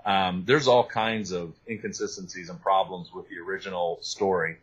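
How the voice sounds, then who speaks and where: A man, an author, talking through his research in an animated interview, with many restarts and asides. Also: deep voice, moderate pace, breathy edge, highs cut off. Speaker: author and guest. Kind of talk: interview conversation.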